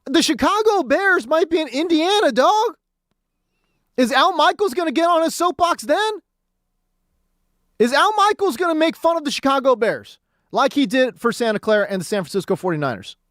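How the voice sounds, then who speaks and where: A man hosting sports talk radio rants in a loose, slangy monologue, his pitch swinging widely as he works himself up. His voice is dry and close to the studio mic, with no room echo. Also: normal speed. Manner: animated, ranting, slangy.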